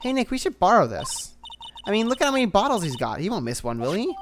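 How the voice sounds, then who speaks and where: A woman's voice: mid-range voice, big pitch swings, fast, close to an everyday voice. A woman voicing a perky, playful teenage girl sidekick while reading a game aloud. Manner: bouncy, teasing. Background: game music.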